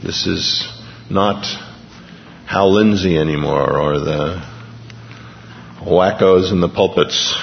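A man's voice: low-pitched, takes it slowly, vocal fry, pauses often, a little hiss or hum. A man preaching a conversational sermon, earnestly reading news items aloud to his congregation. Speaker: pastor. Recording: lo-fi recording with long hall reverb.

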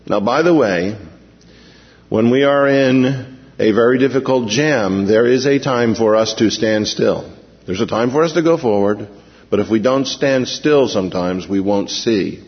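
A man preaching a sermon in a lively storytelling manner, often acting out the panicked cries of the people in the story. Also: medium pitch, measured pace, in a large hall, muffled recording. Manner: animated, acts out frightened voices of the people in the story. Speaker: pastor.

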